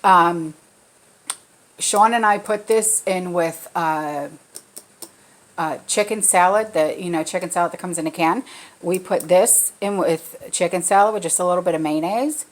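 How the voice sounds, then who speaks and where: A woman's voice: on the low side, a little slow. A woman in her forties chatting casually in a pantry vlog from her home kitchen, often checking in with the viewer. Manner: chatty, keeps checking in with "okay?". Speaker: vlogger. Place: home kitchen, cooking while talking.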